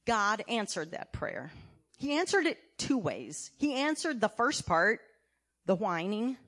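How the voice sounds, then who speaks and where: A woman church elder preaching a sermon, emphatic, asking her congregation many questions and swinging between loud and quiet. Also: mid-range voice, big pitch swings, a little slow. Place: church sanctuary.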